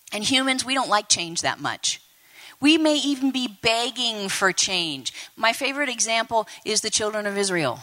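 Bright-voiced woman preaching a sermon. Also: medium pitch. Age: 50s. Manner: animated, talks to the congregation, acts out quoted voices.

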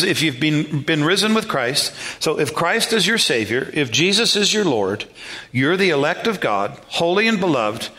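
Bright-voiced man preaching conversationally. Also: fairly high pitch. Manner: conversational, self-deprecating, calls for congregation responses. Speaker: pastor. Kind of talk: sermon.

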